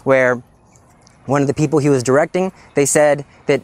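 A man preaching a sermon in an animated, scolding way, acting out little scenes as he goes. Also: medium pitch, normal speed, no echo.

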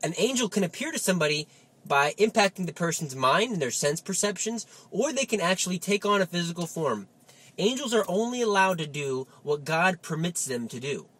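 A man with a fairly high voice delivers Catholic teaching in an animated way. He keeps asking rhetorical questions and adds coaxing asides. The delivery is conversational rather than preachy. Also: a little fast, husky. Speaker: Catholic speaker. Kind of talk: spoken religious teaching.

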